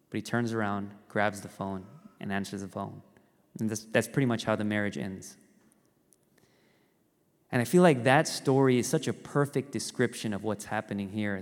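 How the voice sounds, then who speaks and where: A pastor giving a conversational sermon, telling stories with animated rises and quiet, earnest drops. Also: male voice, medium pitch. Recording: reverberant hall.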